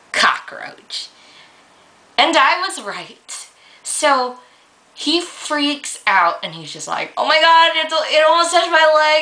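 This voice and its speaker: A young woman vlogger ranting casually to her camera, rambling with lots of fillers and getting excitable as she tells a story. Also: lowish voice, rough recording.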